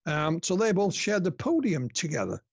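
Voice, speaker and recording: A man's voice: high-pitched, wildly swooping pitch, moderate pace, slightly rough, no echo, dull audio. A man from the north of England with a northern English accent, a guest researcher telling anecdotes in a chatty way on a casual podcast interview. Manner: chatty storyteller, laughs at own anecdotes.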